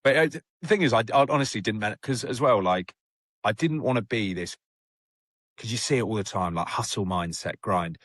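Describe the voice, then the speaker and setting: A man's voice: fairly low pitch, lively intonation, a little fast, fairly bright tone, dry recording, studio quality. A young man, a guest on a rehab talk show, telling a story in a chatty way with many restarts. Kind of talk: casual storytelling chat.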